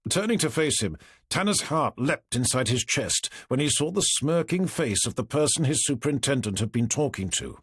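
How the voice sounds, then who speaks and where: A male narrator reading a crime novel aloud in a measured, dramatic way. His pitch moves expressively and his voice has a husky texture. The sound is dry and close. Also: sing-song, a bit bright, dry recording. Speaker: audiobook narrator. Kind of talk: scripted narration.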